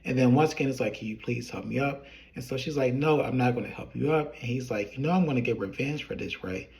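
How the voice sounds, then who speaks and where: A man recaps a TV episode in a relaxed, conversational way. He quotes the characters' lines one after another as he goes, at an ordinary middle pitch. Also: fast, vocal fry. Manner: retells scenes quoting characters with "he was like". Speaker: show recap reviewer.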